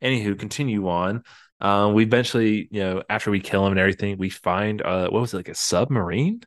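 A man co-hosting a podcast, recapping a video game in a relaxed, rambling way. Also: lowish voice, fast, dry recording, clean studio sound. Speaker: podcast co-host. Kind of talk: casual chat about a video game.

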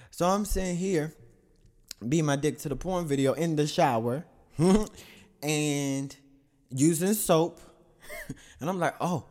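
A man with a fairly high-pitched voice tells his listeners a crude, candid confessional story. He rambles, correcting himself along the way and laughing at himself.

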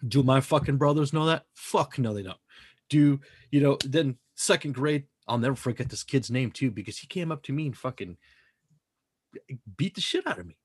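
A man's voice: medium pitch, lively intonation, moderate pace, breathy edge, no echo, clean studio sound. A man co-hosting a podcast, talking in a casual, profane, emphatic way that rambles from point to point. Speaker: podcast co-host.

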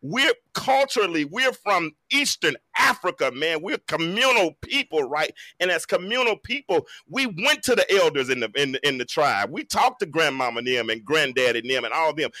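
A man's voice: fairly high pitch, very animated, moderate pace, hardly any pauses, pushed and bright, dry recording. A man in his forties speaking on a talk show panel, emphatic and preacherly, with folksy jokes. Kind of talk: animated panel discussion.

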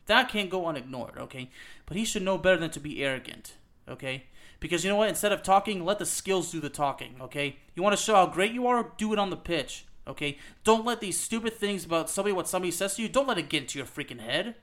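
High-voiced man ranting emphatically. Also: expressive, quick pace, a bit bright. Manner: emphatic, repeats "okay?" and "you know what?", swears. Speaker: podcast host. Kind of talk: soccer opinion podcast rant.

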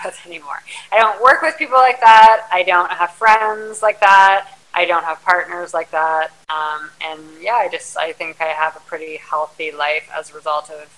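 Bright-voiced woman giving advice. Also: on the low side, a little hiss or hum, rough recording. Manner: reflective, advice-giving, frequent fillers. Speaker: podcast guest, charter yacht crew. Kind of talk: casual interview chat.

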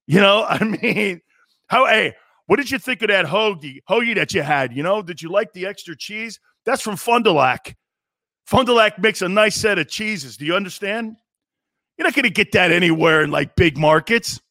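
A man's voice: sits high, normal speed, no room sound, studio quality. A middle-aged man hosting a sports radio show, brash and mocking as he rants in an opinionated monologue. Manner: brash, mocking, animated, puts on jeering voices.

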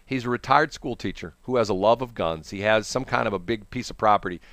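A man's voice: lowish voice, fast talker, dry recording. A man hosting a casual radio chat, telling stories and mimicking voices. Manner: animated storyteller, mimics voices. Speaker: radio host.

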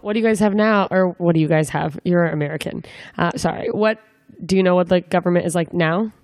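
A woman's voice: on the low side, a little mellow, no echo. Joking young woman interviewer, dry sound. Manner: joking, rambling, quick asides. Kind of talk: casual comedic interview.

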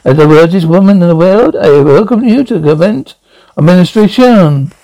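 A man's voice: high voice, expressive, moderate pace, warm tone, poor audio. A man voicing a grand, world-weary female statue with a put-on French accent. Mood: dramatic.

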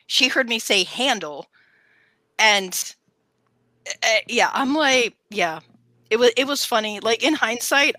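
A bright-voiced woman, co-hosting a podcast, tells a story during casual chat, animatedly acting out quotes in a high voice. The recording is dry.

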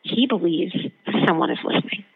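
A woman theologian and author speaking as a guest in a podcast interview, telling her points with animated emphasis. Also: on the low side, a little fast, vocal fry, husky, narrow, tinny audio.

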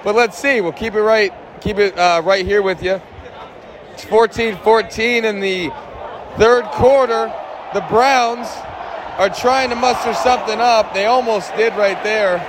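A man hosting his own fan sports show live from the stands of an outdoor football stadium, talking in a hyped, shouty, rambling way and losing his voice. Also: high voice, fairly even intonation, measured pace. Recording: loud stadium crowd and noise.

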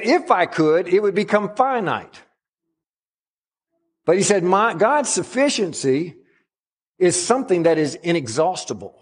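A male pastor delivers a sermon in a high, husky voice. He leans on dramatic pauses and drags out key phrases for emphasis.

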